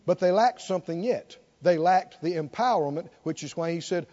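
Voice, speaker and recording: Emphatic male preacher with a very high, animated voice; dull, lo-fi sermon recording. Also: moderate pace, hardly any pauses. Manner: emphatic, repetitive, rhetorical questions.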